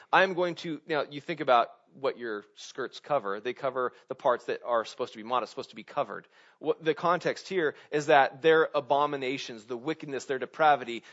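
A man preaching a sermon in a conversational way, often asking "right?" and swinging between loud emphasis and hushed asides. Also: mid-range voice, dull audio. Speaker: pastor.

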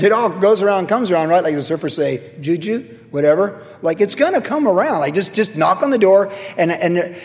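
A man's voice: high-pitched, a little mellow, big-room sound. A middle-aged man preaching a sermon as a pastor, telling a personal story in a casual, self-deprecating way.

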